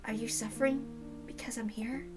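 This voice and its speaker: A woman voicing a meek, sorrowful teenage boy in a soft, lowered, hesitant voice. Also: steady tone, normal speed, soft background music, lightly acted.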